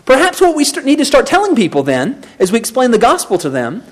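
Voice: medium pitch, huge pitch swings, quick pace. A preacher delivering an expository sermon, emphatic and turning to the congregation with rhetorical questions.

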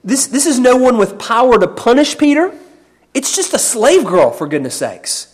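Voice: mid-range voice, very animated, moderate pace, husky. A Bible teacher giving a sermon, explaining a passage with emphasis and often repeating words.

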